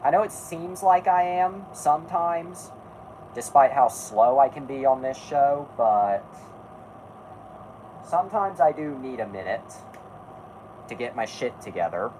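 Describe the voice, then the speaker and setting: A man's voice: medium pitch, measured pace, long pauses, warm tone, slight background noise, low-quality recording. A man hosting a casual live stream who halts, rambles and restarts his sentences while he talks to his chat and co-hosts. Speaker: podcast host.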